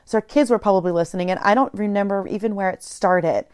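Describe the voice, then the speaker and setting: A woman's voice: mid-range voice, quick pace, a little mellow, smooth, dry recording, studio quality. A woman in her thirties hosting a solo podcast, talking things through in a reflective, meandering way with frequent restarts. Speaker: podcast host. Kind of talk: casual solo podcast monologue.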